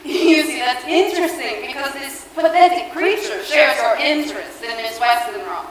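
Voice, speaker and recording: A woman's voice: high voice, lightly acted. A girl playing a grave, stern vampire-hunting doctor. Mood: probing. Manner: grave, measured, authoritative. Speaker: high school actor. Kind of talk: school stage play. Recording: echoey hall, distant mic, noisy.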